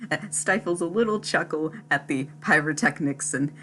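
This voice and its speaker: A woman's voice: sits low, normal speed, fairly bright tone, a little hiss or hum. A woman playing in a tabletop role-play game, narrating her character's actions in a giggly, chatty way. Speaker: player.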